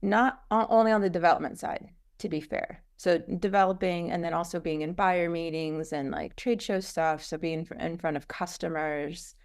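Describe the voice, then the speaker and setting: Gravelly low-voiced woman chatting. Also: fairly even intonation. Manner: chatty, frequent fillers, quick asides. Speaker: guest, business co-founder. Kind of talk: casual interview chat.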